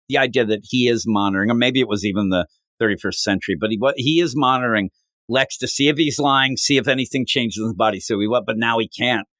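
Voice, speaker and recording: A man's voice: medium pitch, dry recording. A man talks through a comic book plot with lots of energy, slipping into the characters' voices as he goes and swearing freely. His voice sits in an ordinary middle range. The recording is dry and close, with no room sound. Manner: animated recapping, acting out characters' lines in changed voices; casual swearing. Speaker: podcast co-host. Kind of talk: casual comic book discussion.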